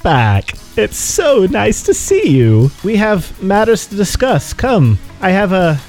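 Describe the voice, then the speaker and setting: A man voicing a welcoming, businesslike guildmaster with an eager, brisk manner in a tabletop game. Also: high voice, huge pitch swings, a little mellow, faint music behind, voice pushed up, full character voice.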